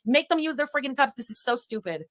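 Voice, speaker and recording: High, indignant woman commentator. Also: lively intonation, fast. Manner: indignant, exasperated. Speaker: commentator in a reacted video. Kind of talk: complaining commentary.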